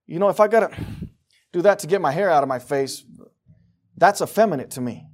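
High-voiced emphatic male preacher. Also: fast talker. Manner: emphatic preaching, swinging from loud declarations to low, quiet asides. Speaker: pastor. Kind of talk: sermon. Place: church.

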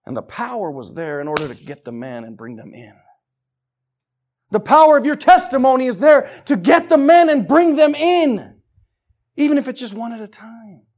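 A man preaching a sermon with passion, firing rhetorical questions, shouting at the peaks and dropping to hushed tones. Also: very high-pitched, big pitch swings, moderate pace.

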